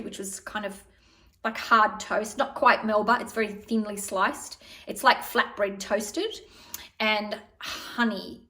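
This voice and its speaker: A woman's voice: medium pitch, recorded from a distance. A middle-aged woman vlogging in casual, digressive chat, telling stories. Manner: chatty, digressive, warm storytelling. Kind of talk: casual rambling chat to camera.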